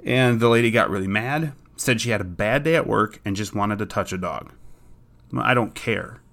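A man's voice: on the low side, normal speed, creaky, fairly bright tone. A man talking casually and bluntly, giving opinionated advice about dogs and their owners. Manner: blunt and opinionated, with frequent restarts.

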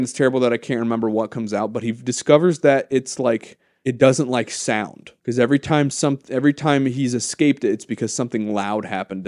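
A man co-hosting a casual podcast, retelling a story in an animated way, swearing and laughing easily. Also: mid-range voice, dry recording, studio quality. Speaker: podcast co-host. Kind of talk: casual chat.

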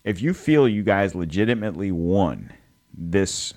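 Speaking a little slowly in a low, expressive, darkish voice, this man co-hosts a podcast and meanders through casual political talk. He's profane and keeps self-correcting as he goes.

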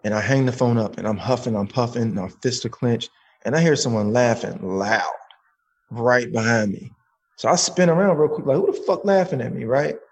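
A man telling a personal story in casual, slangy speech, animated and full of swearing, as a guest. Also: mid-range voice, normal speed.

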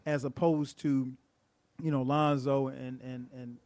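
A man's voice: mid-range voice, flat delivery, a little slow, a little mellow, dry recording. Man, podcast guest, casual rambling chat, restarts, dry recording. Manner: rambling, many fillers and restarts.

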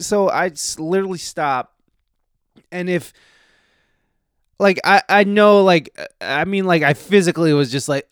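A man's voice: fairly high pitch, a little slow, clean tone, no room sound, clean studio sound. A young man, hosting a casual podcast and rambling profanely about his band's tour. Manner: profane, ranting, full of "like" and restarts. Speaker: podcast host and touring musician.

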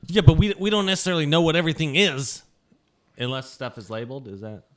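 A man's voice: fairly high pitch, quick pace, fairly bright tone. A man playing a tabletop game, casual and joking. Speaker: player.

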